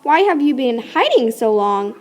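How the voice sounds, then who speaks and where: A woman's voice: fairly high pitch, sing-song, moderate pace, a little mellow. A woman voicing a cheeky, spunky young witch heroine.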